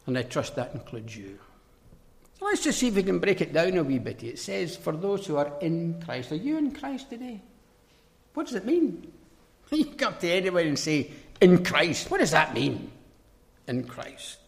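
A man delivers an emphatic sermon, his high voice leaping up and down as he drops from ringing declarations to near-hushed asides. He repeats key phrases for weight. His words trail off into the long reverb of a big hall. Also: sing-song, a little slow. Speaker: preacher.

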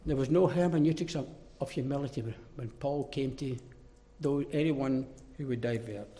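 A man preaching a sermon, emphatic and forceful, dropping into low mocking asides. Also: normal speed. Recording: reverberant hall.

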